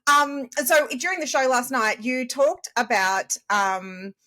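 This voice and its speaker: A woman's voice: sits high, a little slow, pushed and bright. A woman, a teacher, hosting a casual podcast chat and laughing easily.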